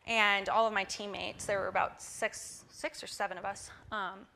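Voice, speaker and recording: A woman in her twenties giving a personal testimony at a church service, telling her story in a lively way. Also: medium pitch, normal speed, creaky, a little hiss or hum. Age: 20s. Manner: lively storytelling, acting out quoted dialogue. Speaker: church guest speaker.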